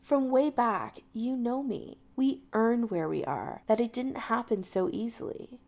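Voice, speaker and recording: A woman's voice: fairly high pitch, expressive, a little slow, gravelly, a little mellow, voice pushed up. A woman voicing a brash, eager young male starship captain who talks in a pleading, pushy way. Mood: insistent.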